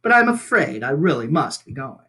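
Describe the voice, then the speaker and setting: A man reading aloud as a polite female robot, speaking in a gentle, formal and measured way. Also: on the high side, sing-song.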